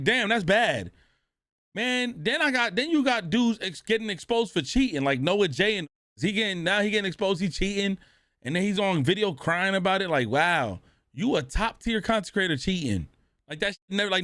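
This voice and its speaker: A male streamer reacts live and speaks straight to his chat, blunt and full of swearing. His voice sits high. The sound is dry and close, with no room in it. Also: fairly bright tone, no room sound.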